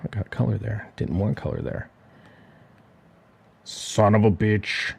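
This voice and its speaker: A man's voice: lowish voice, a little slow, vocal fry, a little hiss or hum. A man casually talking through a digital drawing demo on a livestream, muttering and swearing to himself as he works. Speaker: artist streamer.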